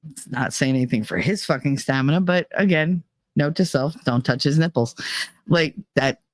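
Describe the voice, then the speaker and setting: This podcast host has an extremely low voice and speaks at a moderate pace, captured in dry, studio-quality sound. She delivers a candid, casual monologue bluntly and profanely, laughing often through her stories.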